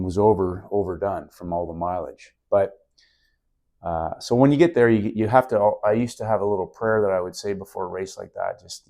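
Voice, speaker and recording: Middle-aged guy guesting on a podcast, kinda low voice, earnest and reflective, just chatting. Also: mellow. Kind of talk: casual interview storytelling.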